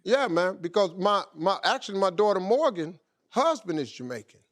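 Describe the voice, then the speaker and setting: A man hosting a talk show, joking and teasing guests in loud comic bursts before a live audience. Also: sits high, big pitch swings, moderate pace. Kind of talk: audience Q&A banter. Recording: live studio crowd, background noise.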